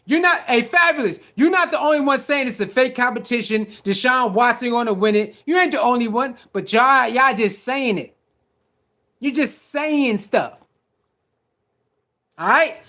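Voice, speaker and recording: High-voiced man arguing with his chat. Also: unhurried, pushed and bright. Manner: argumentative, repeats pointed rhetorical questions; casual slangy speech. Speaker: sports talk show host. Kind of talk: live-stream commentary answering chat.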